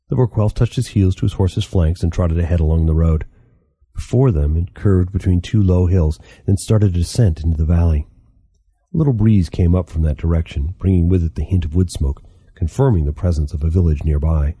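A man narrating an audiobook in a steady, measured storytelling manner. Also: deep voice, slightly rough, no echo, studio quality. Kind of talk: scripted narration.

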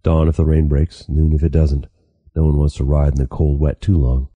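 A man's voice: extremely low pitch, level tone, normal speed, warm tone, husky, no echo, lo-fi sound. An author reading aloud, voicing a friendly, easygoing male traveler who talks lightly.

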